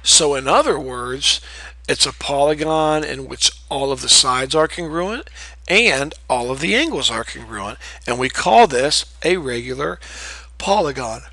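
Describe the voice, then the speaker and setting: A man's voice: medium pitch, animated, unhurried, bright, forceful tone, no room sound, poor audio. A man teaching a math lesson in a patient, explanatory way, repeating key terms and checking in with "okay?". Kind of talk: recorded classroom lecture.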